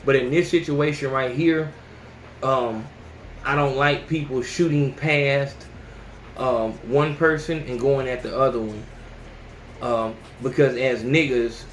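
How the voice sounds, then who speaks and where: A man hosting a podcast, ranting casually and with plenty of profanity, who often jumps into high yelling voices to mimic people. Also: measured pace, roomy sound, slight background noise. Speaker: podcast host. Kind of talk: casual opinion rant.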